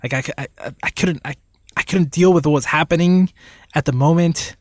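A man hosting a casual podcast chat, gushing with excitement. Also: on the high side, normal speed, no room sound, studio quality. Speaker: podcast host.

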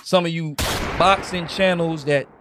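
A man's voice: fairly high pitch, a little slow, noisy background. A man co-hosting a sports talk show, ranting animatedly about boxing critics. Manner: animated, ranting, mimics others. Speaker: podcast co-host.

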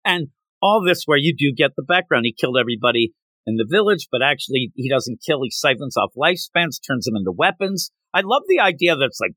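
A man's voice: medium pitch, big pitch swings, fast talker, bright, forceful tone, no echo. A man co-hosting a podcast, casually recapping a manga chapter and acting out the characters' lines in jumpy voices. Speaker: podcast co-host.

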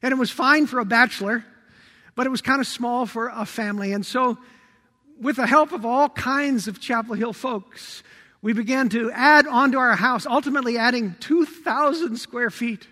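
High-voiced preacher in a reverberant hall. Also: male voice, moderate pace, pushed and bright. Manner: preaching with rising and falling emphasis, repeated rhetorical questions. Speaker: pastor. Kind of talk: sermon.

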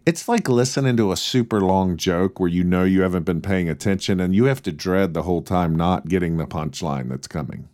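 A man with a very deep voice chats with dry, wry humor and tells stories at length. The mic is close and the sound dry. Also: fairly quick, few pauses, a little mellow, no echo. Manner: dry humorous, storytelling, mock-announcer bits. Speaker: podcast co-host. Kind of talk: casual chat.

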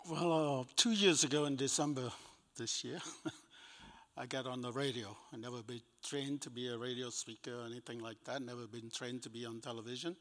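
A man's voice: medium pitch, fairly even intonation, normal speed, a bit bright. An older man with a Cambodian accent, an evangelist telling a personal story in an interview, often chuckling and acting out what people said. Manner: chuckles between sentences, acts out quoted dialogue. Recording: long echoey reverb.

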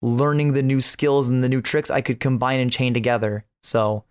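A man's voice: mid-range voice, steady tone, moderate pace, clean tone. A man co-hosting a video game podcast, chatting enthusiastically with lots of casual fillers and slang. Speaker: podcast co-host. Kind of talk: casual chat.

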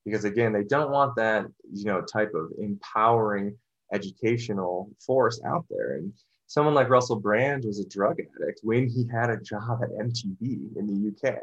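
A man's voice: fairly low pitch, moderate pace, lo-fi sound. A man talking in a casual podcast discussion, rambling and restarting, full of "you know".

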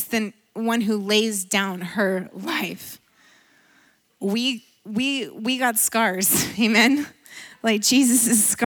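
A woman preacher giving a sermon in church, retelling a story with animated energy and frequent laughter. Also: a little high.

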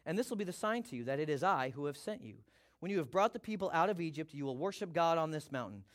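A man voicing God speaking from a burning bush, slow and grave. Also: a little high, animated, natural voice. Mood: solemn. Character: solemn divine male voice from a burning bush.

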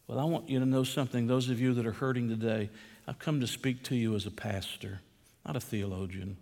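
A male pastor delivering a sermon, swinging between hushed, slow lines and raised, emphatic ones. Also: medium pitch, fairly even intonation, creaky. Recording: long hall reverb.

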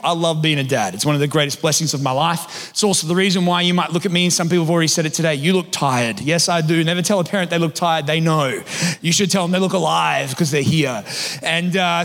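A man's voice: a little high, a bit bright. A man, preaching a sermon in a conversational, self-deprecating storytelling way. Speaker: pastor. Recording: long hall reverb.

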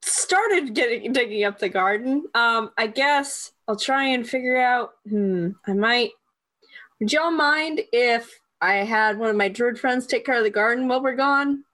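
Slow, hesitant woman player. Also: a little high, a bit bright, rough recording. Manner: halting, hesitant. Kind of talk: in-character tabletop play.

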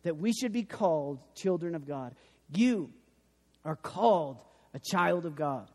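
A young man with a high voice preaches to a crowd, animated and self-deprecating as he tells stories. His words ring out with a long reverb, as if he is in a large hall. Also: measured pace. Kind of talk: sermon.

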